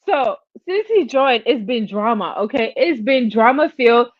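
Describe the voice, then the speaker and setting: A woman hosting a live stream, telling gossip in a chatty, animated way and acting out quotes. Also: on the high side, normal speed, no room sound, lo-fi sound. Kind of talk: casual gossip commentary.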